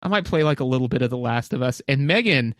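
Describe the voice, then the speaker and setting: A man in his thirties co-hosting a casual podcast, talking in an animated way and acting out his own reactions. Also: medium pitch, fast talker, no room sound, studio quality. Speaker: podcast co-host. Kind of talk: casual chat.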